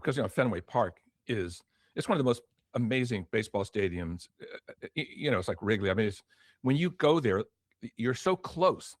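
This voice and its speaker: This older man, once a record promotion executive, speaks on the low side and fast, recorded studio-clean with no room sound. As an interview guest he tells stories with animation, acting out quoted dialogue and restarting often.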